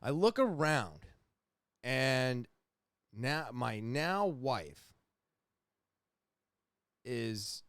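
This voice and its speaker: A young adult man hosting a podcast, casually telling a rambling, profane story with animated retellings. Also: mid-range voice, drawn-out words, pauses often, smooth, no room sound. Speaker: podcast host.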